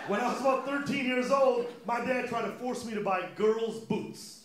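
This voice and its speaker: High-voiced man doing sarcastic stand-up. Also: moderate pace, background noise. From United States. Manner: sarcastic, mock-serious delivery with punchy asides. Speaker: stand-up comedian. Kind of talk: live stand-up comedy set. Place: comedy club stage. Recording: echoey club room with loud audience.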